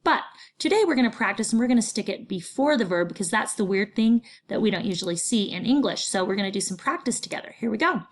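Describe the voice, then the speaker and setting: Woman teacher, middle-aged, medium pitch, bubbly and chatty, playful asides to students. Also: expressive, fast talker, hardly any pauses. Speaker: Spanish teacher. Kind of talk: recorded grammar lesson.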